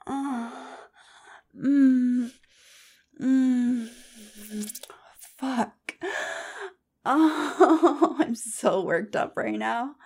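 This whispered role-play features a flirtatious, teasing lecturer, played by a woman. Her voice sits a little high and comes out airy and breathy. She lingers over every word at a very slow, unhurried pace. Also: heavily acted. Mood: teasing, playful. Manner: slow, breathy, sultry murmuring with soft sighs.

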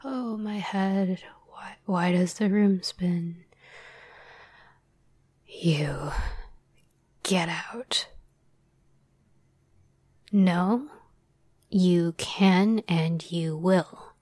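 A woman reading a drunk young prince in whispered role-play, breathy, bossy, dragging slow. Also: lowish voice, a little mellow, dry recording, studio quality. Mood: drunk, commanding. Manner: slow, unpolished script reading. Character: drunk young male crown prince, commanding.

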